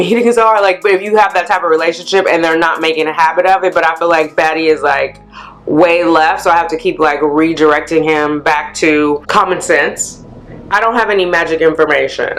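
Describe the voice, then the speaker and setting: A woman vlogger chatting candidly to camera, a blunt and animated storyteller letting off steam. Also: fairly low pitch. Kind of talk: candid vlog chat.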